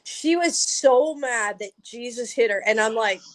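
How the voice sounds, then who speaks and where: A woman guest on a podcast telling a story in casual chat, animated and full of swearing. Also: on the high side, a little slow.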